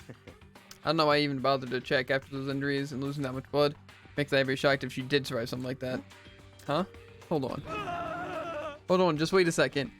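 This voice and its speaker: A man's voice: mid-range voice, level tone, fast, pauses often, a bit bright, faint music behind. A man streaming a visual novel, reading every character's dialogue aloud himself and adding jokey asides. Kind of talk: let's play, reading game dialogue aloud.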